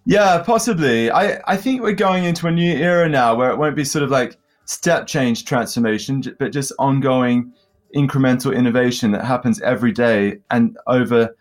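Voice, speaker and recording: A man's voice: medium pitch, normal speed. A man from London, a guest on a podcast interview, talking articulately about business with light self-deprecating humor. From London, England. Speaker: guest, startup consultancy founder.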